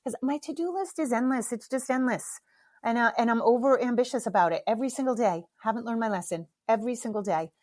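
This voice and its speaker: A woman's voice: a little high, quick pace, a little mellow. A middle-aged woman hosting a podcast alone, talking in a casual, candid way, swearing freely and laughing at herself. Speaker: podcast host. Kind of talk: casual solo podcast talk.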